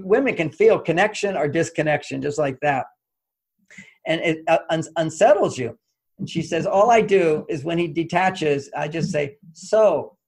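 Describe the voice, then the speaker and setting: An older man, an author guest on an interview, telling stories in an animated way and acting out quoted dialogue. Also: fairly high pitch, vocal fry. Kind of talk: conversational storytelling interview.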